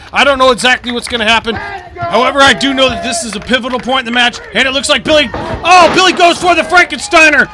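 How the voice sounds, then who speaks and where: A man doing crude, excitable play-by-play commentary at an outdoor backyard wrestling show, often shouting and swearing. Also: very high-pitched. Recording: loud crowd noise outdoors. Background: cheering crowd.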